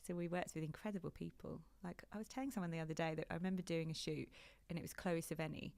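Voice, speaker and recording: A British woman in her thirties talks in a low, deep register as a podcast guest. She is chatty and animated and often laughs as she talks. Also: fast, vocal fry. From Britain. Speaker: podcast guest, fashion journalist. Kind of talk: casual interview chat.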